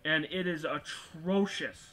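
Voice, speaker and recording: A man's voice: a little high, slow, a bit bright. A man hosting an astronomy livestream, chatting casually over an online voice call and rambling with lots of "like" and restarts. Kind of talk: casual live-stream chat.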